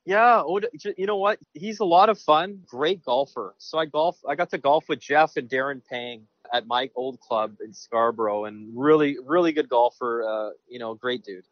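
A man, a sports broadcaster, telling lively anecdotes in a casual interview with many restarts. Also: medium pitch, normal speed, few pauses, no echo. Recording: dry, dull lo-fi sound.

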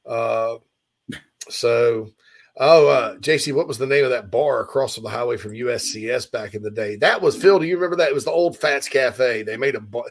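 A man with a drawl hosts a casual sports talk show, speaking at an ordinary middle pitch. He reads out listener questions and answers them in a loose, conversational way. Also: normal speed.

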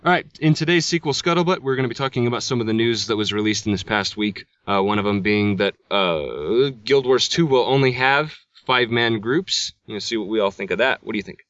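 A man's voice: medium pitch, expressive, a little fast, hardly any pauses, fairly bright tone, no room sound. A man hosting a podcast in casual chat, joking and putting himself down. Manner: jokey, self-deprecating. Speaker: podcast host. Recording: dull lo-fi audio.

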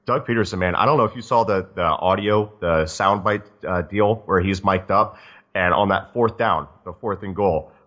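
A man in a casual sports podcast, analyzing the game in a quick, rambling way. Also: sits low, fairly bright tone, lo-fi sound. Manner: fast, analytical, many restarts.

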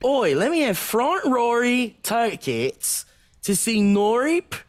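A man voicing a goofy Australian man at a movie theater, in a slow, drawn-out, giggly mock accent. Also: very high voice, sing-song, pitched above the performer's own voice, exaggerated voice.

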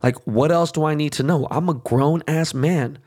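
A man's voice: on the high side, moderate pace, a little mellow. A middle-aged man hosting a show, ranting in a heated, profane casual monologue full of fillers and restarts. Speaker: show host.

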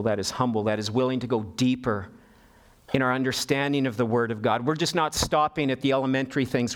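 A middle-aged man preaching a sermon as pastor, earnest and given to repeating words as he stresses a point. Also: mid-range voice.

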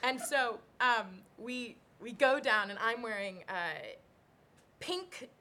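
A woman guest telling a lively story in a casual interview, laughing often as she goes. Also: a little high, takes it slowly. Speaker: guest, singer and stage actor.

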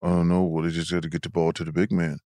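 A man doing a comic impression of a famous big-man athlete, low and mumbling. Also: completely flat delivery, fast talker, mellow, no echo, studio quality, lightly acted. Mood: grumbling.

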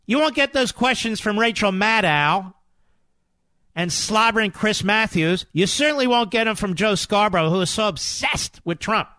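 Combative talk radio host, high and dry. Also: male voice, expressive, moderate pace, pushed and bright, dry recording. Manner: combative, sarcastic, emphatic repetition. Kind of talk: political talk radio monologue.

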